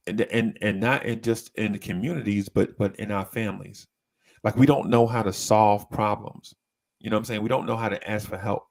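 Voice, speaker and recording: Gravelly animated man. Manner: animated, jumps into high mimicking voices for quotes. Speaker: podcast co-host. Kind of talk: casual storytelling chat.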